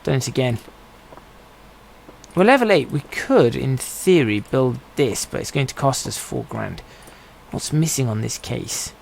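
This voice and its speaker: A man's voice: mid-range voice, expressive, a little slow, vocal fry, darkish tone, a little hiss or hum, rough recording. A man streaming a game, giving casual commentary and musing aloud to himself as he plays. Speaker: gaming streamer.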